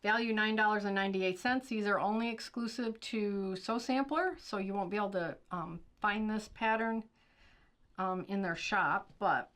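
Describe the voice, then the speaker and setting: A chatty middle-aged woman hosts a quilting unboxing at an easy, conversational pace. She reads product blurbs aloud and thinks out loud between them, with plenty of fillers. Her voice sits at an ordinary middle pitch for a woman. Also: normal speed. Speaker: quilting channel host. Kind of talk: casual unboxing chat.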